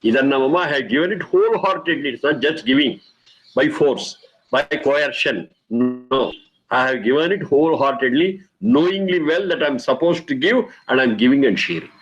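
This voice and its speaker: A man in middle age gives a patient lecture on Vedic mantras. He repeats key ideas again and again and chants the verses slowly, one syllable at a time. His voice sits at an ordinary pitch for a man. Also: animated, a bit bright, dull audio. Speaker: Vedic teacher.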